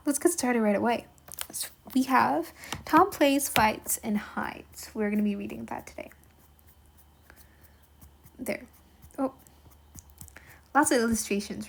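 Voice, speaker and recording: A woman's voice: fairly high pitch, lively intonation, unhurried, pauses often. Chatty woman reading a book aloud. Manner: chatty and musing, with thinking-aloud fillers. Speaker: teacher reading a novel aloud. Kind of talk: read-aloud lesson with commentary.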